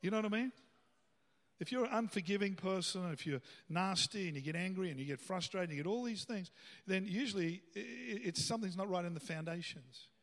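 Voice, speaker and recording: Male pastor, high voice, casual sermon with emphatic peaks, reverberant church hall. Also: fairly quick, fairly bright tone. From Australia. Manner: conversational preaching, rising to emphatic bursts.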